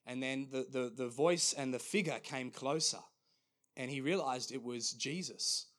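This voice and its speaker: Earnest halting male pastor. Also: medium pitch, fairly bright tone. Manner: earnest, halting, frequent restarts. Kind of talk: sermon.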